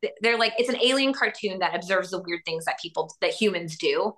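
A woman hosting a podcast, talking in a rambling, animated way with many fillers and frequent laughs. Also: fairly low pitch, fairly quick. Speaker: podcast host. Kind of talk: casual chat.

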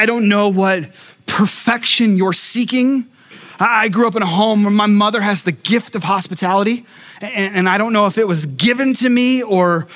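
A man pastor preaching a sermon, telling a story with lively acted-out voices and frequent restarts. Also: high-pitched. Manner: animated storytelling, acting out voices; repeats words when starting thoughts.

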